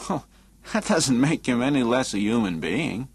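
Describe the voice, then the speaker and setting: A man's voice: mid-range voice, big pitch swings, normal speed, slightly rough. A man voicing an earnest, good-humored, moralizing man who protests mildly, in an audiobook. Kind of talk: audiobook character reading.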